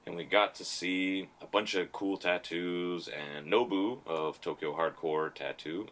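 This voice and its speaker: A man's voice: low-pitched, unhurried, a bit bright. A man hosting a podcast, telling rambling stories in casual chat and laughing often. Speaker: podcast host.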